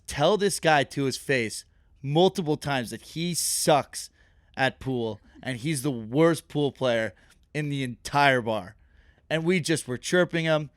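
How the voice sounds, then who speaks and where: A young man co-hosting a podcast, telling stories in animated casual chat and laughing often. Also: medium pitch, no room sound, clean studio sound. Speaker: podcast co-host.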